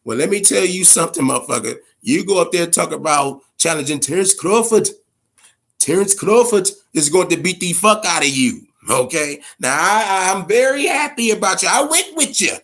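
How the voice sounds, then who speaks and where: A man hosting a boxing commentary vlog, ranting casually in a profane, blunt, animated way. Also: high voice, moderate pace, gravelly. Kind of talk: casual opinion rant.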